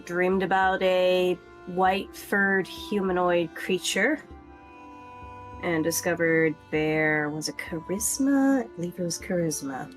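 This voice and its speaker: Casual woman game master, quick recap. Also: lowish voice, soft background music. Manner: casual, quick, trails off with fillers. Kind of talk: recapping a tabletop game over voice chat.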